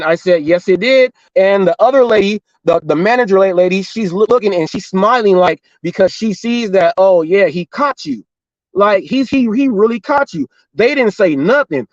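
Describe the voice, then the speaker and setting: Speaking at a moderate pace, a middle-aged man from Los Angeles and Orange County with a fairly high voice casually tells his regular viewers a story, as a driver and show host would. He's animated and repetitive, playing both sides of a conversation, and the audio is dry, slightly dull, and echo-free.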